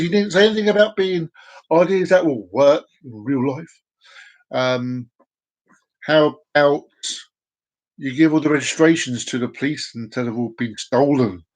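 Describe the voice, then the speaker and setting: Playful, rambling man, slightly high voice. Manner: playful, sing-song, jokey, talks to himself. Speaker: vlogger. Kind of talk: rambling solo vlog.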